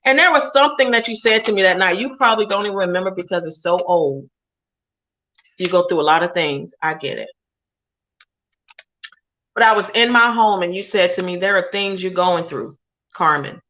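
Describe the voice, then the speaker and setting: A woman's voice: mid-range voice, a little fast, long pauses, fairly bright tone, dull audio. A woman hosting a radio show interview over a video call, talking casually with slang and emphasis. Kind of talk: emotional interview chat.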